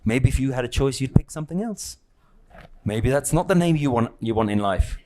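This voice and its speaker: A man leads a spiritual lesson for a live audience in a relaxed, conversational way. His voice sits at an ordinary middle pitch. He teases his listeners and keeps checking in with short questions. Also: brisk, background noise. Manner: conversational, teasing, keeps checking in with "yeah?" and "right?". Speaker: spiritual teacher.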